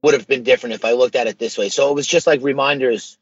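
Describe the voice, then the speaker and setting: A man speaking as a podcast guest in casual, earnest conversation, animated and loose with slang. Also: mid-range voice, quick pace, slightly rough, muffled recording.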